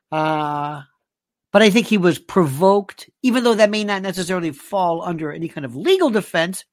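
Gravelly, chatty male commentator, dry sound. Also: high voice, no echo. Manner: chatty, emphatic, repeats himself for stress. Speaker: online commentator. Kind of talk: casual commentary to camera.

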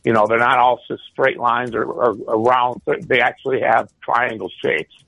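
A man's voice: medium pitch, fairly even intonation, moderate pace, gravelly, fairly bright tone, low-quality recording. A man hosting a casual interview, talking loosely with fillers. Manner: loose, filler-heavy talk.

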